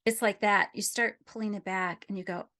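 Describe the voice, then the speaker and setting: A middle-aged woman gently telling a personal story in a reflective conversation, dropping at times to a near whisper. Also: medium pitch, fairly even intonation, moderate pace. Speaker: guest sharing a personal story.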